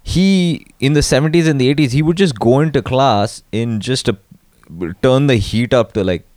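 A man's voice: mid-range voice, normal speed, darkish tone, dry recording. A man co-hosting a comedy podcast, rambling through stories and laughing often. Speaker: podcast co-host. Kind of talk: casual comedic chat.

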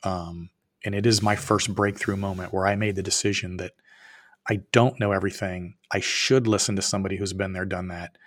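A man in his fifties, a guest on a podcast, telling a business story with lots of acted-out dialogue and plain-spoken swearing. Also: fairly low pitch. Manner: animated storyteller who acts out both sides of quoted dialogue.

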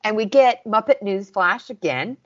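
A woman's voice: medium pitch, animated, normal speed, fairly bright tone. A young woman from the American South with a Southern accent, co-hosting a podcast in casual chat and recapping scenes with lots of "like". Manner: chatty, recaps scenes with quoted lines and frequent "like". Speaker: podcast co-host. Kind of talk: casual chat reviewing episodes. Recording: slightly dull lo-fi podcast audio.

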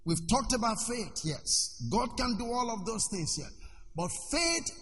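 A man, a pastor preaching a sermon with sudden shouts and questions to the congregation. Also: extremely high pitch, sing-song, unhurried, big-room sound. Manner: preaching with shouts and call-and-response.

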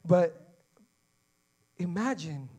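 A man preaching a sermon, animated, acting out little dialogues with God and repeating phrases for emphasis. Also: high-pitched, very slow, slightly rough. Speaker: pastor.

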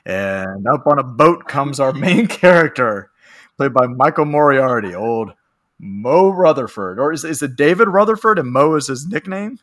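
A man's voice: on the high side, big pitch swings, takes it slowly, bright, forceful tone. A man co-hosting a casual movie-review chat, profane and rambling, with lots of fillers and frequent laughs. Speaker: podcast co-host.

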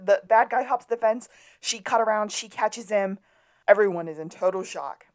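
A woman co-hosting a podcast, recapping a TV episode in playful, animated casual chat. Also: mid-range voice, normal speed. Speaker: podcast co-host.

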